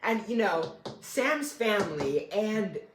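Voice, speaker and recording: A man's voice: high-pitched, sing-song, slow pace, background noise. A young man casually telling a story, rambling and correcting himself, with a dry, joking humor. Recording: echoey room.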